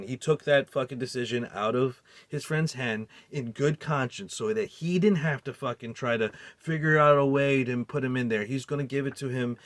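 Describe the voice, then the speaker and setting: A man's voice: mid-range voice, a bit bright, dry recording. A man giving a heated, profanity-laced film recap and review, rambling and incredulous. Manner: rambling with restarts and fillers. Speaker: movie reviewer.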